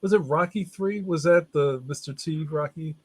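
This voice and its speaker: A man's voice: a little high, moderate pace, husky, no echo. A man speaking as a guest in a casual chat, talking in a loose, chatty way and putting on voices in his anecdotes.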